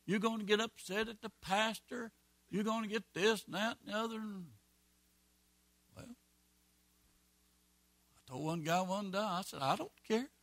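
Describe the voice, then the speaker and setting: A man delivers a sermon in a slightly raised voice, folksy and emphatic. He hammers repeated phrases and drops quick asides. The sound is close and dry, with no room echo. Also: high voice, fairly bright tone. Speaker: pastor.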